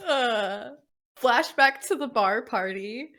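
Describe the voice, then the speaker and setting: A woman narrating a tabletop role-play game as game master, laid-back and quick to laugh. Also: fairly high pitch, sharp tone. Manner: laid-back, laughs often, slips into quick character lines.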